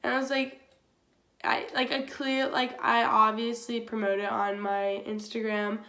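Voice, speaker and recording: A woman's voice: fairly high pitch, level tone, measured pace, fairly bright tone. A young woman telling a storytime vlog in a chatty way, filling her talk with "like". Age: young adult. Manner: chatty, filler-heavy with frequent "like". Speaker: YouTuber. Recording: roomy echo.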